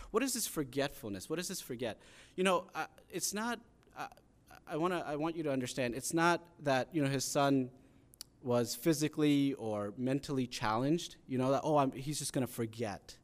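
A man preaching a sermon, talking it through in an earnest, conversational way. His pitch sits in a middle range. He leans in harder when he drives a point home. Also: animated, moderate pace. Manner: earnest, conversational teaching with rising emphasis on pleas.

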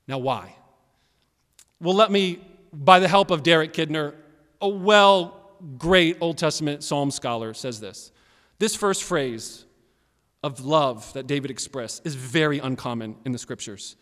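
A man's voice: fairly high pitch, animated, a little slow. Emphatic man preaching in a reverberant hall. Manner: swings from quiet to loud, emphatic preaching. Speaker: pastor. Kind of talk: sermon.

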